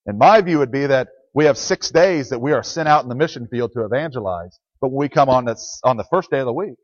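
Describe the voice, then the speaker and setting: A man's voice: mid-range voice, expressive, fast, no echo. A man preaching a conversational sermon as a pastor in a church, speaking plainly and answering the questions he puts to the congregation. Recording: dry, dull lo-fi sound.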